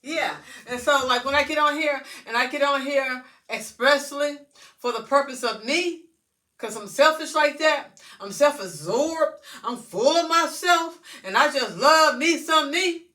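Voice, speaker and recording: A woman's voice: high-pitched, measured pace, bright, forceful tone. A woman vlogger talking straight to her followers in a loose, rambling, profane monologue. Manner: chatty, loose and profane, addresses viewers directly. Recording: voice a bit far from the mic.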